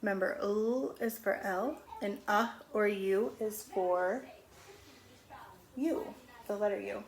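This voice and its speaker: A middle-aged woman teaching a phonics lesson on video at home, stretching out letter sounds slowly and patiently. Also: mid-range voice. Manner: slow, drawn-out sounding of letters. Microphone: camera on video.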